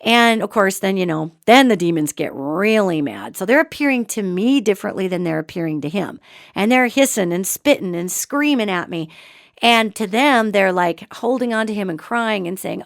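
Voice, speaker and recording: A woman hosting a podcast, telling a story in an animated, colloquial way with joking asides. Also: mid-range voice, moderate pace, vocal fry, no echo, clean studio sound. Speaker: podcast host. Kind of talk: storytelling, casual talk.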